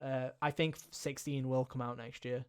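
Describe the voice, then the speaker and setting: A man's voice: mid-range voice, little pitch movement, moderate pace, a little mellow, smooth. A man co-hosting a gaming podcast in casual chat, rambling and jokey, with a lot of swearing. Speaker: podcast co-host.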